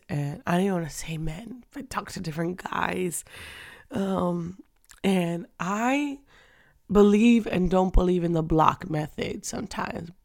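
A young woman with a lowish, gravelly voice talks unscripted about faith and dating, candid and chatty. She laughs often and moves between hushed asides and loud, preacher-like stretches. The sound is dry and close. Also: no room sound. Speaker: faith-based podcast host. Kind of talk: unscripted casual girl talk. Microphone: audio only, not on camera.

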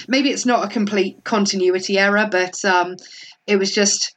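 A woman chatting casually on a book podcast, animated and quick, often acting out quotes. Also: mid-range voice. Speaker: podcast co-host. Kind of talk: casual book-club chat.

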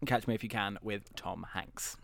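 A man's voice: fairly low pitch, fairly even intonation, moderate pace, gravelly, a bit bright. A man co-hosting a casual film podcast, talking with many ums and restarts. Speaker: podcast co-host.

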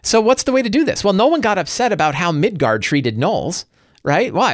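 A man's voice: high voice, moderate pace, no echo, clean studio sound. A middle-aged man hosting a casual solo talk show, ranting and tagging lines with "right?". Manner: animated, peppers lines with "right?". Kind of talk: solo casual rant about tabletop games.

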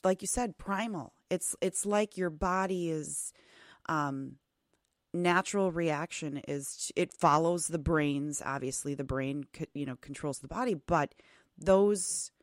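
Host role: deep-toned woman, thoughtful and halting, close dry mic sound. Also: no room sound. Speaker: podcast host. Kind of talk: conversational interview.

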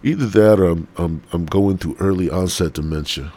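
A man's voice: deep voice, normal speed, mellow, slight background noise. A man hosting a rambling solo podcast, profane and stoned, talking through a stuffy nose. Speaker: podcast host.

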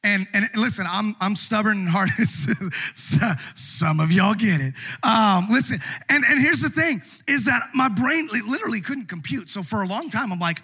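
A man's voice: high-pitched, expressive, moderate pace, pushed and bright, breathy edge. A middle-aged man preaching a sermon to a church congregation, conversational and self-deprecating, with many restarts. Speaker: pastor. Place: church sanctuary.

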